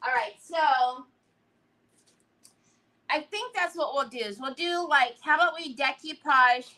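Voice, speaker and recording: A woman's voice: sits high, lively intonation, a little slow, sharp tone, rough recording. A woman hosting a live crafting stream, chatting casually, giggling often and greeting viewers by name. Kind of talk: casual livestream chat while crafting.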